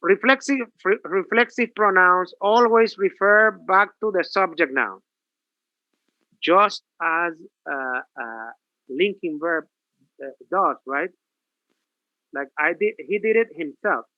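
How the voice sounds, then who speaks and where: A man's voice: high voice, takes it slowly, no echo, lo-fi sound. A male professor giving a classroom grammar lecture, asking rhetorical questions and repeating himself. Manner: lively, repetitive, rhetorical questions.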